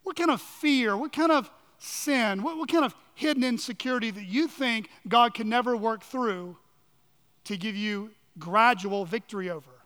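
Pastor, male, very high bright voice, earnest sermon, church hall with long reverb. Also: moderate pace. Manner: earnest, emphatic, asks rhetorical questions. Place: church sanctuary.

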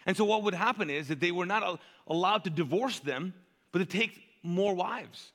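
A male pastor preaching in a chatty, animated way, asking the congregation to fill in words. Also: sits high, moderate pace, in a large hall. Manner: conversational, animated, asks the crowd to fill in words. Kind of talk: sermon.

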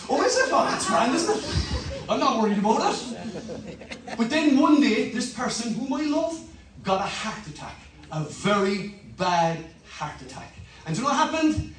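A man's voice: sits high, very echoey, recorded from a distance, poor audio. An Irish man in his fifties, a pastor preaching a humorous, storytelling sermon. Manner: animated, humorous, conversational.

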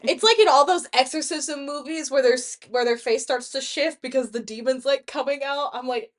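A woman's voice: high-pitched, normal speed. A young woman co-hosting a podcast in casual chat, giggly and joking, chiming in with quips. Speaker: podcast co-host.

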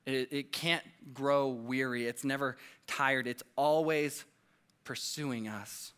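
A man's voice: mid-range voice, fairly even intonation, takes it slowly, a bit bright, clear, resonant tone. A man preaching a conversational sermon, earnest and casual, often tagging his points with "like" and "right?".

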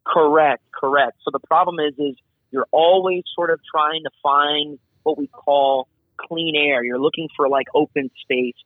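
Chatty air traffic controller on a phone line. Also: male voice, a little high, a little slow, dry recording. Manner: animated, chatty, acts out radio calls. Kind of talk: casual interview explanation.

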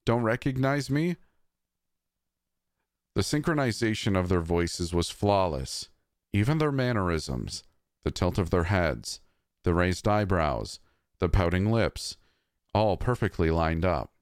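A man reading a scripted horror story in a measured, somber way. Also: sits low, very animated, no room sound, studio quality.

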